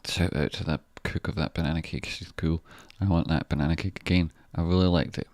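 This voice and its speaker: A man's voice: low-pitched, fairly even intonation, fairly quick, darkish tone. A man with a Scottish accent chatting casually on a trading livestream, reading viewer messages, swearing freely and thanking people effusively.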